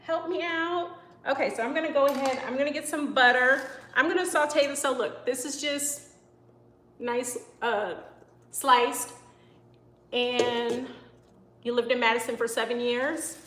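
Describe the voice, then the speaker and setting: A woman's voice: high voice, unhurried, fairly bright tone, echoey room, a little hiss or hum, rough recording. Chatty woman chef streaming live. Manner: chatty and rambling, full of "you know" and "like", answers comments as she cooks. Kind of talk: casual live cooking stream, chatting with viewers. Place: home kitchen.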